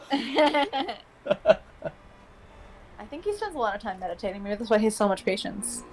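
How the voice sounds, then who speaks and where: A woman's voice: a little high, very animated, a little slow, rough recording. A woman chatting casually on a live stream, reacting with surprise and laughing easily.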